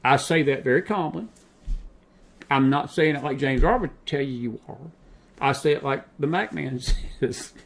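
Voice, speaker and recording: A man hosting a late-night talk show, impassioned and preachy, slowing down to drive his points home. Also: mid-range voice, gravelly.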